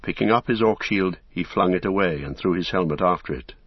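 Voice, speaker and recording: A man narrating a novel in a measured, solemn storytelling manner. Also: deep voice, husky, no echo, lo-fi sound. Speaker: audiobook narrator.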